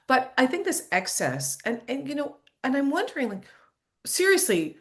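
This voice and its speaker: A woman comedian, a guest on a talk show, chatting in an animated, joking way and wandering off on tangents. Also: high voice, normal speed. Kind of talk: casual chat.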